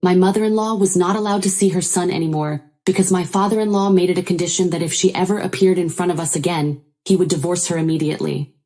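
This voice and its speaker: A woman narrating a first-person family drama story, even and matter-of-fact. Her voice is fairly low. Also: fast talker.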